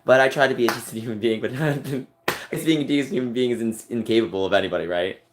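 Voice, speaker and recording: A man streaming live, venting in an emotional rant that swings from low muttering to a raised voice. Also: fast, noisy background.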